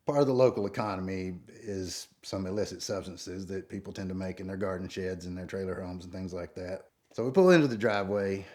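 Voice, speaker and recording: A man telling a rambling story in a casual, animated way, acting out quotes and sounds. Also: sits low. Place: rural North Georgia home.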